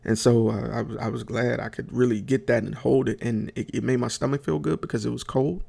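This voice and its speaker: Raspy gravelly guy rambling through a funny story on his podcast, lots of uhs, keeps talking to the listeners. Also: mid-range voice, fairly even intonation, brisk, warm tone. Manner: chatty, addresses listeners directly; rambling with many fillers and restarts. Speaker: podcast host. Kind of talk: casual comic storytelling.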